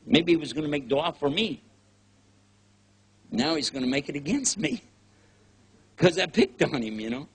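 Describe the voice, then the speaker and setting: A man's voice: medium pitch, husky. An older man with a Texan accent giving a casual, joking lecture as a preacher, acting out little scenes in other voices. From Texas, USA. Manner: folksy, joking, acts out scenes in quoted voices.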